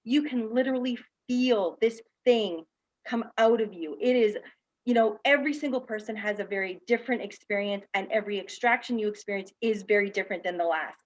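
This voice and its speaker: This woman has a mid-range voice and talks a little fast, and the audio is dull. Joining a panel talk by video call as a guest speaker and teacher, she recounts a personal story frankly and acts out the people involved.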